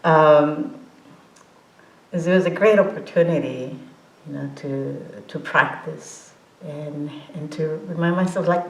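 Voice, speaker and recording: A woman in her forties giving an informal meditation talk, halting with many fillers and restarts, often breaking into laughter. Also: low voice, creaky. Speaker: meditation teacher. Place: meditation hall. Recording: roomy hall sound.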